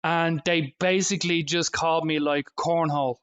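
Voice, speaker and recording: Swearing, animated male podcast storyteller. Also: a little high, normal speed, clear, resonant tone. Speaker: podcast co-host. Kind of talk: casual chat.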